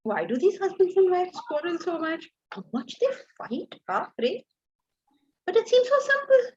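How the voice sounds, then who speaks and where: Lady teacher lecturing her class, high voice, keeps asking the room questions, kinda muffled recording. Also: moderate pace, a little hiss or hum. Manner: lively, asks the class rhetorical questions. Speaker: Vedanta teacher.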